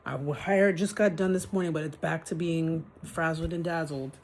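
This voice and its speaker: A woman's voice: sits low, fairly even intonation, normal speed, darkish tone, a little hiss or hum. Frustrated woman venting in a vlog. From New York City. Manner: frustrated, ranting, swearing. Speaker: vlogger. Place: apartment, indoors.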